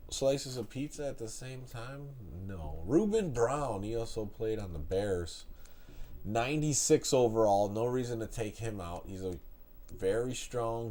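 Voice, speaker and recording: A man's voice: fairly low pitch, dark tone, slight background noise. A man in his thirties with a stuffed-up nose, chatting laid-back on a live stream as he reads out game stats with frequent restarts. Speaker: streamer reviewing a retro game.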